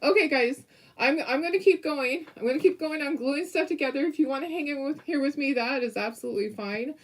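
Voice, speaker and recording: A woman's voice: high voice, a little fast. A middle-aged woman hosting a casual craft tutorial at home, chatty and giggly, often restarting her sentences. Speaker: craft host.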